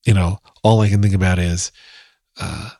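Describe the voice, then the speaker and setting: A man's voice: low voice, steady tone, moderate pace, mellow, dry recording, studio quality. A man with a New Jersey accent hosting a casual solo podcast, chatty and rambling with self-deprecating asides. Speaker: podcast host.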